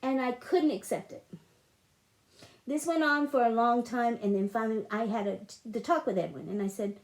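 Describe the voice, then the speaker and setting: A woman's voice: a little high, moderate pace. A middle-aged woman telling a personal story in a monologue, emotional and repetitive, with frequent restarts. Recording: echoey room.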